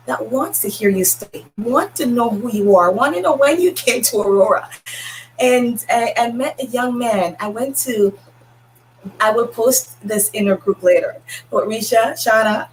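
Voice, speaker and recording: A woman's voice: mid-range voice, a little hiss or hum, rough recording. A woman from Jamaica, hosting a casual online panel and telling stories in a chatty way. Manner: chatty, storytelling with restarts. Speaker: host.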